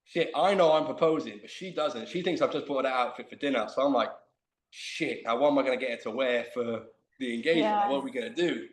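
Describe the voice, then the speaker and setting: Animated man telling a story in an echoey room. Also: medium pitch, quick pace. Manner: animated, self-mocking storyteller. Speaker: guest. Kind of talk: casual storytelling chat. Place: remote video call.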